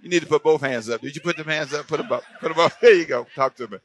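A man's voice: a little high, wildly swooping pitch, brisk. A man preaching a sermon as pastor, playful and calling out to his congregation for responses.

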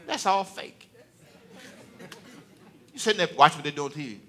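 A man's voice: fairly high pitch, lively intonation, moderate pace, sharp tone. A male preacher giving a conversational, joking sermon to a church congregation, teasing and talking directly to them.

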